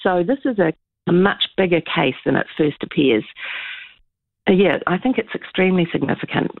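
A woman's voice: fairly low pitch, expressive, vocal fry, dry recording. Earnest woman on a tinny phone line. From New Zealand. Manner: measured, earnest explaining with frequent ums. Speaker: political scientist guest. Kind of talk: radio interview over the phone.

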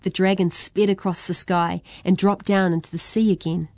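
Kiwi woman reading a kids story, lowish warm voice, dry close sound. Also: little pitch movement, normal speed, no room sound.

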